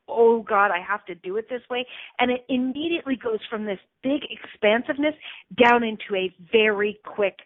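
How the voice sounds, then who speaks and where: A woman's voice: a little high, dry recording, narrow, tinny audio. A woman hosting a self-help radio show, talking expressively and acting out anxious inner voices.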